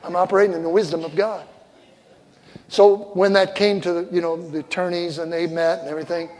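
An older man preaching a sermon as a pastor, telling stories with loud punchlines and soft asides. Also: high-pitched, level tone, brisk. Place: church sanctuary. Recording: long hall reverb, faint crowd ambience.

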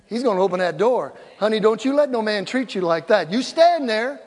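An older man delivers a sermon in a notably high voice, mixing teaching with humor. He slips into acted-out quotes to make his points. Long hall reverb trails his words. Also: expressive, brisk, a little mellow. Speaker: pastor.

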